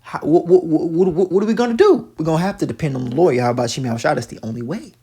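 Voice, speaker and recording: A man with a somewhat high, husky voice comments on a video he is watching. He preaches in an emphatic, repetitive way, full of profanity, and often stammers through restarts before landing his point. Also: fast, mellow. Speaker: religious commentator reacting to a video.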